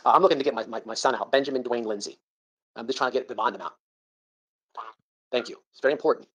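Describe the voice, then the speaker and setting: Fast, husky middle-aged man ranting. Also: mid-range voice. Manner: loud, exasperated and rambling, repeats words. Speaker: livestreamer making a prank phone call. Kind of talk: prank phone call on a live stream.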